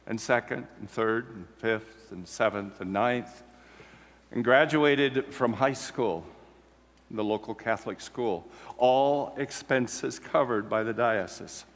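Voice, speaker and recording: An older laborer recounts his poor childhood in a slow, plain, unhurried voice, as a male preacher speaks for him. The words hang in a hall with a long reverb. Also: mid-range voice. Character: older African laborer recalling his boyhood.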